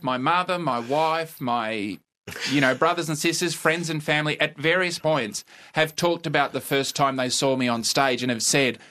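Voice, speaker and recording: A middle-aged Australian comedian telling stories in a podcast interview, with a laconic, dry and wry delivery. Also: male voice, a little high, sharp tone. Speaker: comedian guest. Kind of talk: casual storytelling interview.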